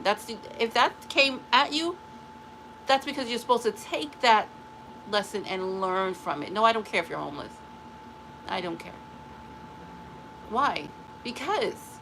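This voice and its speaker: A woman's voice: fairly high pitch, a bit bright, slight background noise, poor audio. A middle-aged woman hosting a spiritual live stream, giving a blunt, emphatic motivational talk that repeats phrases for stress. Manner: blunt and dismissive.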